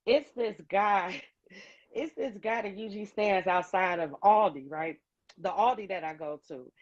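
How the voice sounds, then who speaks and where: A woman hosting a casual talk show, telling stories in a lively, emphatic, joking way. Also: mid-range voice, unhurried. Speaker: host. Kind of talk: casual chat. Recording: dull lo-fi sound.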